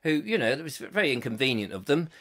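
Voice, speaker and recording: A man's voice: mid-range voice, very animated, fast, fairly bright tone, slightly rough. A man in his fifties hosting a live comic chat show, rambling through viewer comments with jokey, self-mocking asides. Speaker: host.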